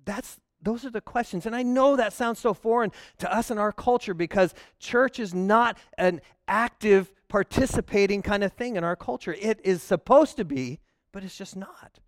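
A man preaching a sermon to a congregation, animated and humorous, acting out the voices of churchgoers to make his points. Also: high voice, moderate pace, no room sound, clean studio sound. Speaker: pastor.

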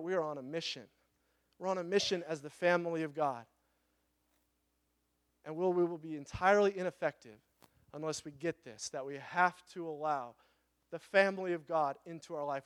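A pastor preaching a conversational sermon, acting out little quoted voices and joking asides. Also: male voice, fairly high pitch, no room sound, studio quality.

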